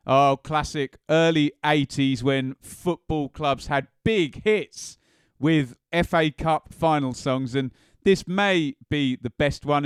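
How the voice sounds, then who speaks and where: An enthusiastic Englishman talks through a countdown in a smooth, resonant voice that sits a little high for a man. He is chatty and loose, with plenty of ums between his points. The sound is dry, with faint instrumental music underneath. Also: dry recording. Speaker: music and football channel host. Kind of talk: casual ranked countdown commentary.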